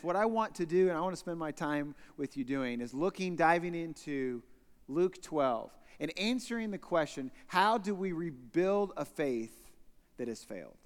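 Man preaching in a reverberant hall. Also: fairly high pitch. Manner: conversational preaching, swinging between loud emphasis and quiet drops. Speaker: pastor. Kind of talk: sermon.

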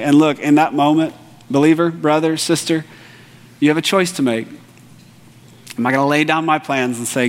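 A man preaches in a relaxed, conversational style, slipping into the voices of biblical figures as he retells their stories. His voice sits a little high for a man. The sound carries a long reverb, as in a large hall. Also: normal speed. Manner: conversational preaching, acts out biblical dialogue with rising pitch. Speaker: pastor. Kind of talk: sermon.

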